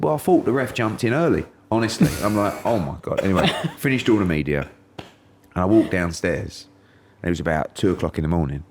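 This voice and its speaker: A middle-aged man from England, a podcast guest telling a story in casual chat and acting out quotes in raised voices. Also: low-pitched.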